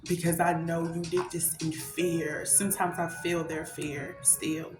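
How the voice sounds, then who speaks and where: A woman with a deep, low voice delivers an impassioned, preachy spiritual monologue, cursing freely as she drives her points home. Her voice rings in a roomy, echoing space, with loud music playing behind her. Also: flat delivery, measured pace. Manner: emphatic and preachy, swearing freely. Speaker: spiritual content creator.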